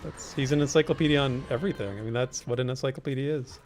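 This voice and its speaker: Brief: mid-pitched giggly gamer, teasing banter, clear background noise on the mic. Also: steady tone, fast talker, a little mellow. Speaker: group player. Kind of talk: casual gaming chat.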